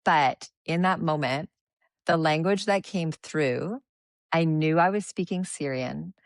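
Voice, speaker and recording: A woman's voice: sits low, takes it slowly, no room sound. A woman guest on a podcast, sharing her spiritual experiences in an earnest, reflective way. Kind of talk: casual chat.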